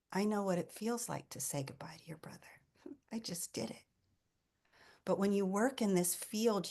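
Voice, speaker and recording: Earnest woman in her fifties telling a grief story. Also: fairly low pitch. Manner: earnest, emotional storytelling with restarts and soft drops. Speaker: hospice nurse and author. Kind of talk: personal talk on grief.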